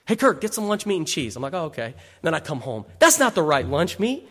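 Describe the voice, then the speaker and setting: A man preaching in a church, his voice sitting high and swinging widely as he jokes and laughs through a story. He keeps turning to the congregation for an amen. The sound rings out with the long reverb of a large hall. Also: big pitch swings, a little fast, fairly bright tone. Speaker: pastor. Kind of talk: sermon. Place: church sanctuary.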